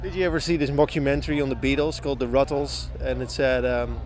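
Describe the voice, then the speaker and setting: A man's voice: mid-range voice, fairly even intonation, fast. A man interviewing a musician outdoors at a festival, joking and teasing. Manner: jokey, teasing. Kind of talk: casual interview.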